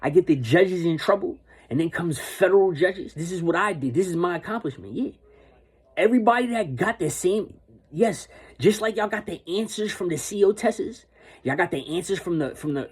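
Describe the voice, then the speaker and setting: A man's voice: sits high, fairly quick, husky. A man delivering a rambling, insistent monologue rant, repeating and restarting his phrases.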